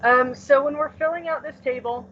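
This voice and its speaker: A casual woman teacher gives a remote class lesson over a video call, explaining with lots of "um" and "like." Her voice is high-pitched, a bit bright, and moderately paced. The computer mic yields dull lo-fi audio with faint hiss.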